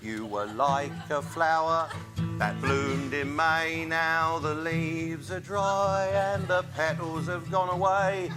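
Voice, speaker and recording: A man playing an earnest, self-pitying folk singer in a comedy sketch, halting and emotional between sung verses. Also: a little high, steady tone. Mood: mournful singing. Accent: English. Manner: mournful, hesitant, emotional. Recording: live stage recording with guitar.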